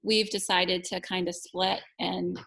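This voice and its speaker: A woman speaking on a video call, her voice gravelly with fry. She talks haltingly, restarting and searching for words as she shares her thoughts as a teacher and parent. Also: on the low side, little pitch movement, fairly bright tone. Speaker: educator and parent. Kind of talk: casual video-call chat.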